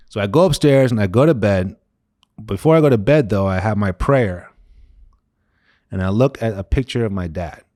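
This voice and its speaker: A man in his thirties, a coach, telling a candid personal story in casual, conversational speech that sinks low and quiet on the painful parts. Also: no echo, studio quality. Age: 30s. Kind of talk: personal story told to camera.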